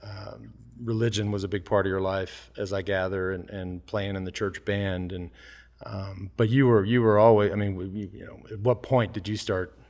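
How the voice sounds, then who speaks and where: Male podcast host, low voice, loose rambling conversational style. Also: fairly even intonation, normal speed, creaky, a little mellow. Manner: rambling, chatty, many restarts and fillers. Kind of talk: casual interview conversation. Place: bar lounge.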